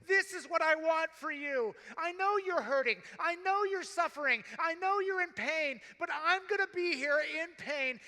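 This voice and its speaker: A man's voice: very high-pitched, voice pushed up, full character voice. A man voicing Jesus hanging on the cross, speaking earnest, steadfast promises in a preaching keynote. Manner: earnest, rising to forceful promises. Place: large conference hall. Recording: echoey large hall.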